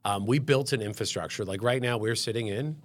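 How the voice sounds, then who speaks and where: A man in a studio, a dental education director guest on a podcast, telling lively stories and acting out the people he quotes. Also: lowish voice, brisk. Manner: animated storyteller, acts out quoted voices. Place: company TV studio.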